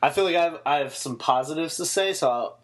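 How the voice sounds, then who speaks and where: A man's voice: on the high side, fast talker, a bit bright. A man co-hosting a casual TV review podcast, talking bluntly and mockingly and swearing freely. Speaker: podcast co-host.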